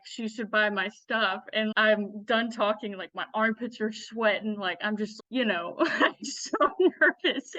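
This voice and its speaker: A young woman guest telling her story in a casual interview, blunt and energetic, laughing often and close to tears. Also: on the high side, no echo, muffled recording. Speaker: guest, clothing designer.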